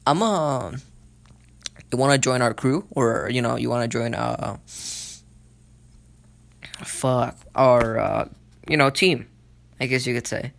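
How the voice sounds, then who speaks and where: A gruff, intimidating squad captain who speaks bluntly and threatens, as a man voices him in a casual retelling. The voice is gravelly and sits at an ordinary pitch. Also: takes it slowly, long pauses, fairly bright tone.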